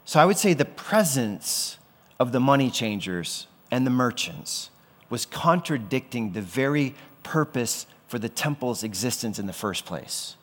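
A man's voice: medium pitch, very animated, a little slow. A man preaching a sermon as pastor, conversational and often asking his listeners questions. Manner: conversational, asks the audience questions. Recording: long hall reverb.

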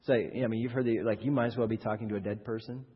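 A man delivering a sermon with a husky edge, talking plainly to his congregation and pressing rhetorical questions as his fervor builds. His voice carries a long reverb from the church hall around him, and the recording sounds dull and lo-fi. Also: lowish voice, fairly even intonation, fast. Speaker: pastor.

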